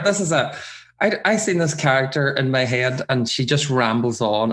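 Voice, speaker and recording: A man's voice: medium pitch, moderate pace, a bit bright. A man, a comedian and impersonator chatting as a podcast guest, laughing easily and slipping into voices. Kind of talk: casual interview chat.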